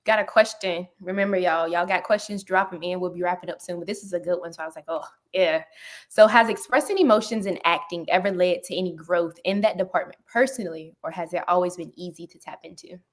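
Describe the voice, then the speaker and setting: A woman's voice: fairly low pitch, steady tone, fast. A woman hosting a live online interview, chatty and upbeat, with a lot of casual slang. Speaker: host.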